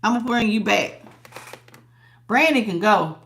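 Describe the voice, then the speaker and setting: A woman's voice: medium pitch, lively intonation, unhurried, gravelly, a bit bright. A woman hosting a live tarot reading, chatting casually with viewers and laughing often.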